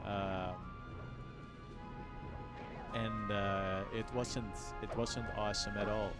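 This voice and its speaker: A man's voice: on the low side, little pitch movement, slow pace, loud music behind the voice. Rambling, self-mocking male streamer. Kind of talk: casual live-stream chat.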